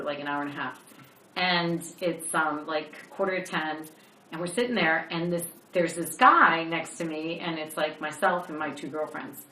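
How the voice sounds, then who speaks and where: A woman with a bright, sharp voice tells a story in a casual chat. She acts out what people said and laughs often. The sound is echoey, with the mic some way off. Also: lowish voice, slight background noise. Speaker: co-host. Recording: echoey room, mic at a distance.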